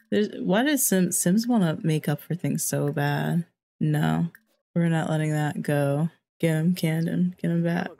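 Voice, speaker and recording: Low, gravelly-voiced woman gaming host. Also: a little slow, warm tone. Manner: chatty, exclamatory, laughs at the game; acts out characters' lines in her own voice. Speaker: let's play host. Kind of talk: casual gameplay commentary.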